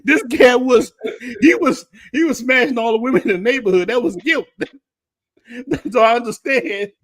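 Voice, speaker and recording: High-voiced Philly man telling stories. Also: normal speed. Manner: loud laughing storyteller, slangy. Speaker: podcast host. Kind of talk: casual barbershop chat.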